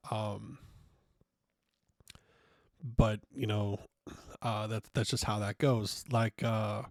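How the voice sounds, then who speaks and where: A man's voice: mid-range voice, no echo, clean studio sound. A man hosting a podcast, talking through a loose, frank monologue with casual swearing and many fillers. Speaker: podcast host.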